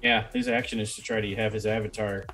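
A man running a tabletop role-playing game as game master, giving brisk, amused directions. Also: on the low side, level tone, pushed and bright, soft background music.

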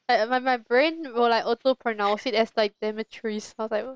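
A woman's voice: on the high side, fairly even intonation, measured pace, clean tone, dry recording, studio quality. Giggly young woman gaming streamer. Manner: giggly, playful, mixes in Chinese words. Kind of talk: casual gaming chat.

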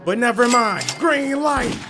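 A man giving excited gameplay commentary, hyping plays and often shouting. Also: very high-pitched, measured pace, music in the background. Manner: hypes plays with frequent shouting. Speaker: gaming video creator.

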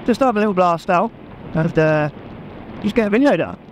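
A man chatting excitedly to a helmet camera while riding a motorbike, laughing often. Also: high-pitched, moderate pace, slight background noise, low-quality recording. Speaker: motorcycle vlogger. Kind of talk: casual chat while riding. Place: on a motorbike on open country roads. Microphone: helmet-mounted action camera.

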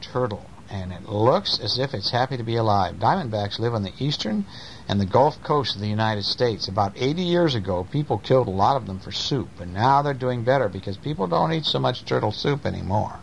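A man's voice: mid-range voice, a little fast, gravelly, a little hiss or hum, rough recording. A man reading bedtime stories aloud to his child at home, playful and chatty, stopping to talk with the child. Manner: playful, animated, talks to the child.

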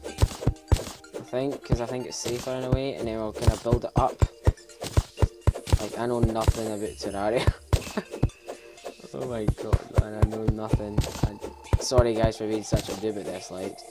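A man's voice: lowish voice, fairly even intonation, normal speed, pauses often, loud music behind the voice. A young Scottish man giving casual, rambling commentary on a video game, self-mocking, laughing often and swearing freely. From Scotland. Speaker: let's play host.

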